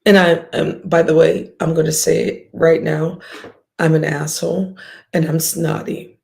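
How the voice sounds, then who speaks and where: A woman's voice: low-pitched, flat delivery, a little slow, vocal fry, a little mellow. A woman hosting a livestream, ranting bluntly and profanely at her viewers with scoffs and sighs. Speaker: livestream host.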